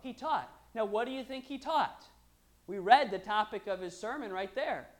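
A woman preaching a lively, conversational sermon, joking with the congregation between scripture readings. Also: mid-range voice, normal speed. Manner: lively and conversational, with humorous asides.

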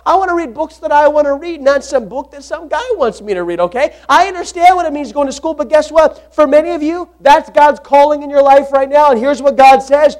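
A young man preaching a sermon, swinging between loud, animated passages and hushed, earnest ones. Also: very high-pitched. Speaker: pastor.

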